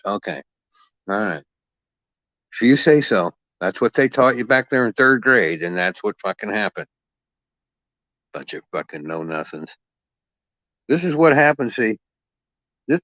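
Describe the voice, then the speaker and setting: A cantankerous middle-aged man rants as a boxing commentator, foul-mouthed and mocking. His low voice is a bit bright, and the recording is dry and close with no room around it.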